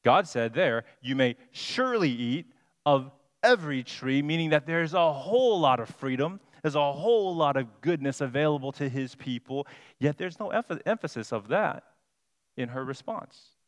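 A man preaching a sermon as pastor, deliberate and emphatic, stressing single words. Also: a little high, expressive. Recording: long hall reverb.

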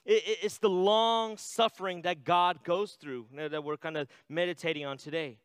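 Man, pastor, conversational preaching, smooth tone, dead room. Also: high-pitched, steady tone, moderate pace, fairly bright tone, dry recording. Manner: conversational, with many restarts and "right?" asides; reads scripture aloud. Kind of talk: sermon.

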